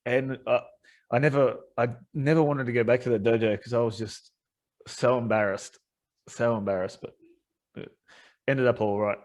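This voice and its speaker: A man's voice: medium pitch, steady tone, normal speed, long pauses, a little mellow. A man hosting a podcast, telling stories in a casual, rambling way and laughing often. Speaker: podcast host. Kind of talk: casual chat.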